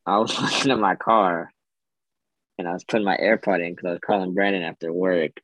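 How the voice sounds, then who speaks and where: Young guy rambling on a podcast, kinda husky and low, dry close sound. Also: fairly even intonation, brisk, fairly bright tone, no room sound, rough recording. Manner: loose, rambling storytelling full of "like" and swearing. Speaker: podcast co-host. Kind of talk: casual chat.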